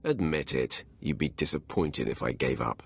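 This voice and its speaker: A deep husky Sith warrior. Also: male voice, animated, normal speed, a bit bright, heavily acted. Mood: cold taunting. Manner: cold, taunting. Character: menacing male Sith warrior, cold and commanding.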